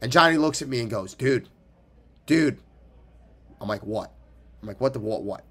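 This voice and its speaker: A man's voice: mid-range voice, lively intonation, normal speed, pushed and bright. A young man in college co-hosting a podcast, telling a story in casual chat, teasing and swearing freely. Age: young adult. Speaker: podcast co-host.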